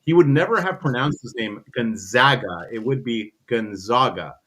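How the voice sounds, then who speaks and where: A man's voice: mid-range voice, fairly quick, slightly rough. A man telling a long profane anecdote in casual chat, acting out the other people's lines as he goes. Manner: profane, animated storytelling with voiced asides.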